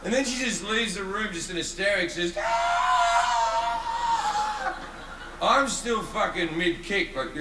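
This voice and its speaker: A man's voice: high voice, moderate pace, few pauses. A male stand-up comedian telling a crude anecdote on stage in front of a live audience. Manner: crude, swearing anecdotal delivery. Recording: echoey live venue with audience noise.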